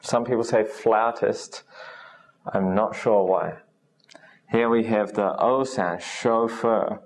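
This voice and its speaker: Low-ish guy giving a pronunciation lesson, takes it real slow, spells out each sound. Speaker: English teacher.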